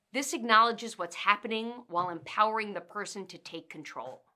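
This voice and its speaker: A woman who trains people in workplace communication, giving an instructional talk in a measured, explanatory way and working through lists point by point. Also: medium pitch, bright, forceful tone. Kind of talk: instructional narration.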